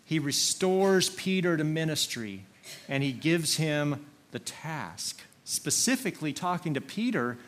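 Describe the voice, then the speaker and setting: A man preaching a sermon, slow and earnest, leaning on single words for emphasis. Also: medium pitch. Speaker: pastor.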